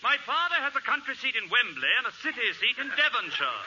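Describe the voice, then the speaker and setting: A man's voice: extremely high pitch, very animated, quick pace, pushed and bright. A man with an English accent playing a pompous butler, with a clipped upper-class delivery in a 1940s radio comedy. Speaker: comic guest playing a snooty butler. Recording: 1940s radio broadcast, dull and hissy.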